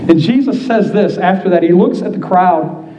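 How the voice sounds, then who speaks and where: High-voiced man preaching passionately in a church. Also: normal speed, mellow, a little hiss or hum. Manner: impassioned preaching, voicing the scripture dramatically. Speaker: pastor. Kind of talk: sermon. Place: church sanctuary. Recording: roomy, slightly dull church sound.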